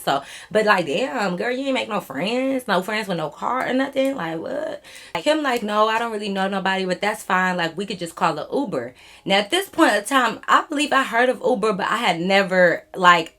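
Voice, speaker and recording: A woman's voice: on the low side, fairly bright tone. A young woman telling a storytime vlog to her viewers, chatty and rambling, full of slang, calling them y'all. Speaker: YouTube storyteller.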